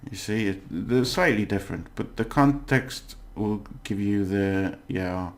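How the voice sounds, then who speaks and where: A man with a fairly low pitch leads a casual, recorded language lesson. Patiently, he checks in with the listener often and lets "uh" fill his pauses.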